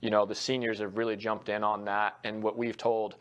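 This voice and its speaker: A man's voice: fairly low pitch, level tone, a little fast, muffled recording. A young man, a college soccer head coach, giving earnest, reflective interview answers with frequent fillers.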